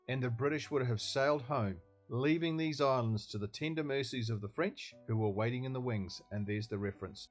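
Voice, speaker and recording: Emphatic New man explaining history. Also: mid-range voice. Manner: emphatic, didactic, reads out quotations. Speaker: presenter.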